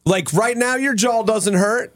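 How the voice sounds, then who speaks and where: A man with a head cold banters on air and spins stories with theatrical exasperation. His voice sits a touch high. The sound is dry and close, with no room around it. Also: unhurried, no room sound. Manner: animated storytelling, mock exasperation. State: congested with a cold. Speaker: radio show co-host.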